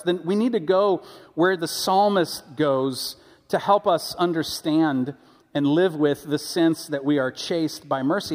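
A man with a fairly high voice preaches in a relaxed, chatty way, telling stories and often restarting mid-sentence. His words ring with a long reverb from a church sanctuary. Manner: conversational, animated storytelling with frequent restarts. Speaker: pastor. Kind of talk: sermon.

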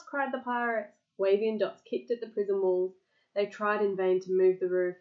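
A woman reading a picture book aloud to a child, lively, pausing to explain words and answer questions. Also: medium pitch, phone-quality sound.

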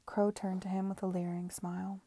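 A woman reading a novel aloud in a soft, unhurried way. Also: mid-range voice, flat delivery. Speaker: audiobook reader.

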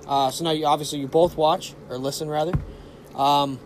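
A high-voiced man chatting on a podcast in a rambling way. He swears a lot and fills his talk with ums and uhs. Faint noise sits in the room. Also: steady tone, brisk, darkish tone. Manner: rambling, swearing, many fillers. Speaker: podcast co-host. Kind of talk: casual chat.

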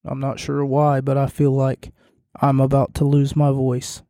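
A man hosting a casual solo podcast, talking in a monotone while losing his voice and sounding hoarse. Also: mid-range voice, a little slow, dry recording, clean studio sound. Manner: monotone delivery. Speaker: podcast host.

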